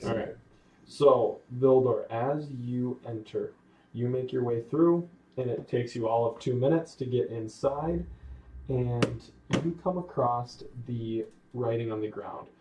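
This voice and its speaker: A man running a tabletop game as game master, narrating in a relaxed, chatty way. His voice sounds set back from the mic in an echoey room. A faint hum of noise runs beneath. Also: medium pitch, measured pace, highs cut off. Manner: relaxed, conversational narration with fillers. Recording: roomy, distant mic, faint background noise.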